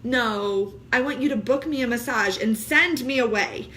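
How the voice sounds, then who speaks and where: A woman in her thirties, a mother of young kids, talking casually to camera in an animated, joking way with frequent laughter. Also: on the high side, moderate pace, slight background noise. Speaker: vlogger.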